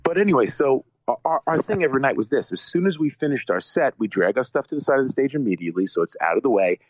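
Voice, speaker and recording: A male touring musician telling a story in a casual interview, rambling and animated with many restarts. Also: mid-range voice, quick pace, no room sound. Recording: slightly muffled dry lo-fi audio.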